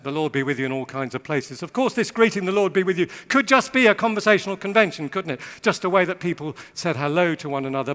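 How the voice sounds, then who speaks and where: Bright-voiced man preaching in a big hall. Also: a little high. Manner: witty, varied emphasis, repeats phrases rhythmically. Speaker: speaker giving a Bible talk. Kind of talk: sermon talk to a live audience. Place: large hall with long reverb. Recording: voice echoing in a large hall.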